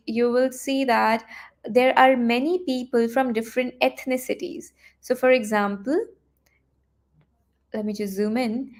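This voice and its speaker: A woman runs a live online coding lesson on a computer mic, talking her viewers through what is on her screen. Her voice sits fairly high, and she thinks aloud as she goes, full of fillers and restarts. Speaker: coding teacher.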